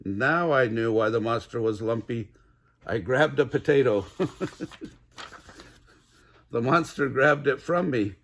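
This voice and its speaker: An older man reading a children's storybook aloud at a mid-range pitch for a man. His pace is easy and plain, and small chuckles slip in between lines. It sounds like a grandparent's storytime. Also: slow, pauses often, a bit bright. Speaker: storybook reader. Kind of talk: children's book read-aloud.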